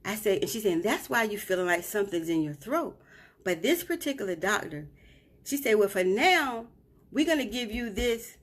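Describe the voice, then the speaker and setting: A woman's voice: medium pitch, big pitch swings, normal speed. A grieving mother live streaming from a hotel room, retelling events emotionally and often checking in with "right?".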